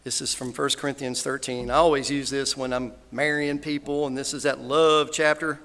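A man preaches a funeral sermon in an earnest, folksy way. His voice is gravelly with a bright, forceful edge. It rings out with the long reverb of a church hall. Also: mid-range voice, flat delivery, normal speed. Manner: earnest, folksy, quotes scripture and others with rising emotion. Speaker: minister giving a funeral eulogy. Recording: hall reverb, faint background noise.

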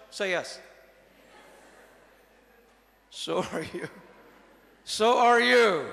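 A man preaching a sermon to a congregation, animated and full of rhetorical questions. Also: sits high. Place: church. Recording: echoey church hall.

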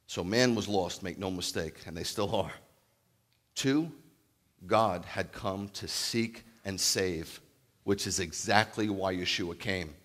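A man preaching a sermon as a rabbi, animated, acting out loud calls and then dropping to a hushed voice. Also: sits low, takes it slowly. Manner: animated, acts out calls and shouts, then drops to near-whisper. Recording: long hall reverb.

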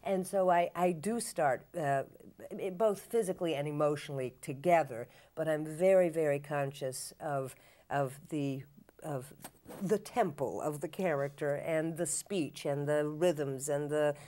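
A woman speaks as an interview guest, her voice sitting low in pitch. She talks thoughtfully and haltingly, restarting phrases as she gathers her ideas. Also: warm tone. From Tennessee. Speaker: stage actress, guest. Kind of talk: interview conversation.

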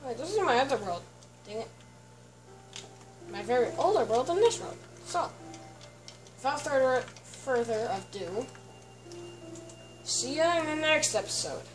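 High-voiced woman narrating gameplay from afar. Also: sing-song, unhurried, pauses often, a little mellow. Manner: chatty, frequently clears throat. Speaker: let's play host. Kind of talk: casual gameplay commentary. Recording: distant mic with faint background music.

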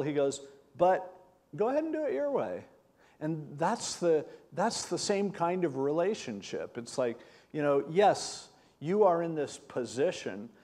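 Conversational older male pastor teaching. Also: fairly high pitch. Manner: conversational, animated storytelling. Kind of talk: sermon teaching.

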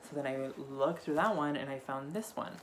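A man's voice: fairly high pitch, normal speed, fairly bright tone, a little hiss or hum. A young man hosting a casual shopping haul vlog while tipsy, talking in a campy, profane and rambling way. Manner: rambling, offhand delivery. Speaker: haul vlogger.

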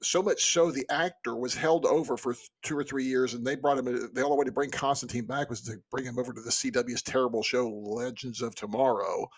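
Husky, excitable man laughing through a podcast. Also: mid-range voice, fairly quick, hardly any pauses. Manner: excitable, rambling, laughs often. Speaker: podcast co-host. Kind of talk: casual book discussion.

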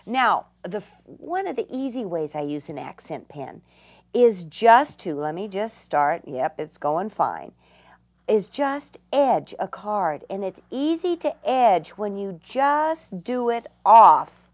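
A woman's voice: mid-range voice, very animated, slow. An older woman demonstrating a craft technique, gushing with enthusiasm and dropping to delighted whispers. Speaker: craft instructor.

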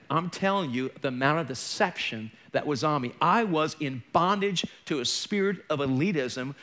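A man's voice: a little high, a bit bright. A middle-aged man preaching a sermon as a pastor, candid and conversational, with joking asides. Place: church.

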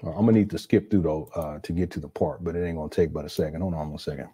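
A man's voice: very deep voice, steady tone, rapid-fire, warm tone, breathy edge. A man talks directly to his viewers in a casual, chatty way. He mixes sarcastic asides into his commentary and often restarts his sentences. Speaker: online commentator.

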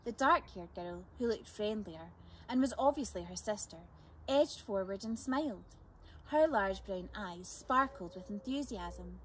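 A woman reading a chapter book aloud for children, with expressive, lively narration. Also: mid-range voice, a little slow, a little hiss or hum. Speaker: storyteller.

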